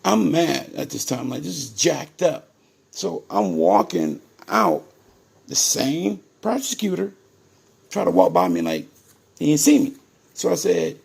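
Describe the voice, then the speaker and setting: A man's voice: a little high, very animated, unhurried, vocal fry, darkish tone, breathy edge. A man telling his own story straight to his viewers, indignant and emphatic, calling out to them again and again and repeating words for stress.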